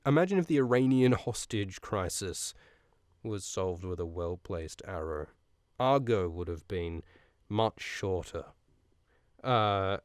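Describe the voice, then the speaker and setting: A podcast host giving a casual, comedic book recap, rambling with profane, jokey asides and frequent laughs mid-sentence. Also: male voice, on the low side, no room sound, studio quality.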